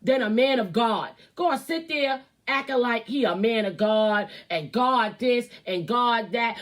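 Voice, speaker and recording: A woman's voice: on the high side, moderate pace, hardly any pauses, husky. A woman hosting her own show, ranting bluntly and profanely with lots of attitude. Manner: blunt, loud, swearing, animated. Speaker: host. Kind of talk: profane opinion rant.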